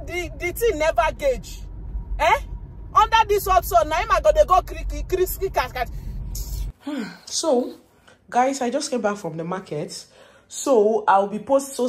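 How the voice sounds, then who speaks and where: A Nigerian woman chatting casually to her camera as a family vlogger, talking in a chatty way and growing loud and high when she rants. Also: slightly rough, no room sound, poor audio. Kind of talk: casual vlog chat.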